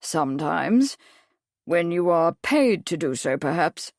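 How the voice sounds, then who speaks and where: A woman's voice: fairly low pitch, animated, measured pace, dry recording, studio quality. A woman doing a courteous male barrister. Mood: probing. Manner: courteous, mild, precise questioning.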